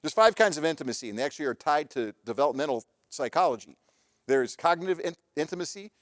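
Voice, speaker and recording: A man's voice: mid-range voice, dry recording. Male speaker for a relationship talk, casual and anecdotal, restarts often, dry sound. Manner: conversational, anecdotal, with frequent restarts. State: married father. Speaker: presenter on relationships and parenting. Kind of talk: live presentation talk.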